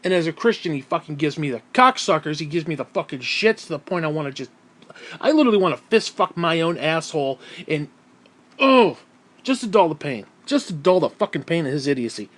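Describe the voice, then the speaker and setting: A vlogger delivers an angry, profane rant, irritable and heaving heavy sighs between outbursts. His voice is a little high with a fairly bright tone, very animated and a little fast.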